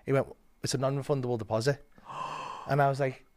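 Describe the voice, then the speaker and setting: A man's voice: mid-range voice, fairly quick. A man, a stand-up comedian, telling a sweary anecdote in casual chat and acting out other people's lines. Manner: sweary, animated storytelling, frequent laughter. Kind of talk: casual anecdote with quoted voices.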